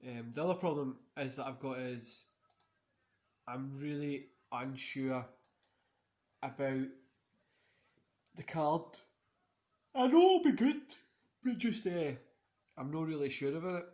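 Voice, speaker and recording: A tired man chatting casually through a wrestling watch-along, his voice sitting at an ordinary middle pitch. He rambles, swears freely and leans on fillers, and the room around him rings with a noticeable echo. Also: steady tone, a little slow, long pauses, darkish tone. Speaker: host. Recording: roomy echo.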